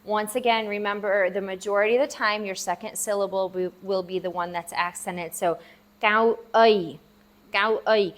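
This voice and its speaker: A woman's voice: medium pitch, steady tone, a little fast, hardly any pauses. A woman teaching a language lesson, patiently sounding out each syllable several times while writing words out. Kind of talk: casual spoken lesson. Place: at a table, writing for the viewer.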